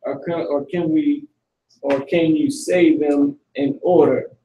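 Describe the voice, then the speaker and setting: Guy teaching a class, casual slangy talk, repeats words slow, kinda highish voice, echoey room far from mic. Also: fairly even intonation, warm tone, dull audio, slight background noise. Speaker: language teacher. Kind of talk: live online class.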